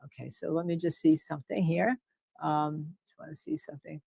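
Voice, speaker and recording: A woman with a New Jersey accent hosting a casual livestream, talking in an animated way about a court case, repeating herself and reading chat comments aloud. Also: low voice, fairly quick, creaky, slightly rough, dry recording.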